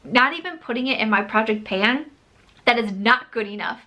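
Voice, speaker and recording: Bright-voiced chatty woman vlogger. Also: fairly high pitch, lively intonation, moderate pace. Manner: chatty, emphatic, scolding herself. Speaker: beauty vlogger. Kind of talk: casual vlog chat.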